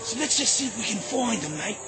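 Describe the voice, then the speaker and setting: Man impersonating an excitable Australian croc-hunter type, high voice, lively swoops, loud music behind. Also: a little fast. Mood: excited. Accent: Australian (impression). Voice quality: loud, breathless, shouty. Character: excitable Australian male wildlife showman.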